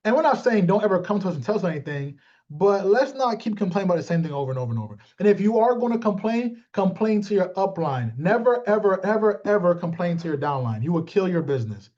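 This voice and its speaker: A man's voice: high voice, very animated, fast, darkish tone, lo-fi sound. A man coaching his sales team in a live motivational talk, blunt and joking, calling on listeners by name and acting out little exchanges.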